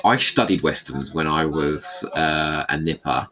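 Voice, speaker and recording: A man's voice: extremely low pitch, measured pace, bright, forceful tone, rough recording. A man giving a casual, rambling commentary on an old episode, thinking aloud as he goes.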